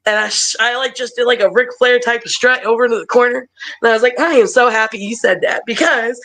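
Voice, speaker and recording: Animated, profane woman wrestler telling stories. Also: fairly high pitch, low-quality recording. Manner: animated, profane, laughs often. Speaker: guest wrestler. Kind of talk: casual storytelling. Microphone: video call.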